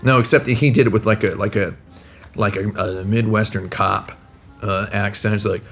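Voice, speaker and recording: His voice is lowish and gravelly yet fairly bright, with fairly even intonation at a normal pace, as he tells loose, rambling stories on a hotel-room live stream and laughs at his own humor. There's soft background music, and the audio comes from a laptop mic.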